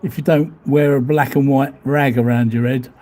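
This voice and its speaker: This male vlogger has a medium-pitched, warm voice with fairly even intonation and a normal speed. He chats casually on a live stream from a hotel room above the seafront, rambling, laughing often and mildly swearing while reading viewer comments.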